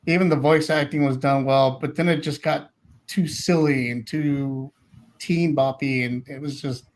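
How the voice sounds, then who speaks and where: A man's voice: medium pitch, fairly even intonation, unhurried. A man co-hosting a podcast, giving a plain-spoken, slightly hesitant casual movie opinion. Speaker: podcast co-host. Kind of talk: casual movie review chat.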